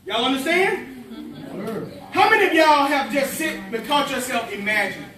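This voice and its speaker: A man, giving an energetic, preachy motivational speech with call-and-response to students in a large hall. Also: very high-pitched, moderate pace. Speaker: motivational speaker. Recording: echoey hall from far off, chattering crowd.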